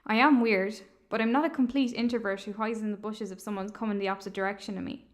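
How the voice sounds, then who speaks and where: A woman voicing a lonely young woman who plans an opera, talking in a blunt, defensive way in an animated film. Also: mid-range voice, quick pace, lightly acted.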